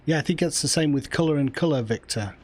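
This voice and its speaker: A man's voice: fairly high pitch, fast talker, darkish tone. Chatty man with a northern English accent. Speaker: streamer playing a space game. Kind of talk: casual chat.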